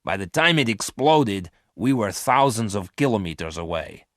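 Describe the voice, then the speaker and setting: Ruthless male space criminal for a read-aloud story, harsh and commanding, low, read by a man. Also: very animated, moderate pace, fairly bright tone, no room sound, clean studio sound. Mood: explaining.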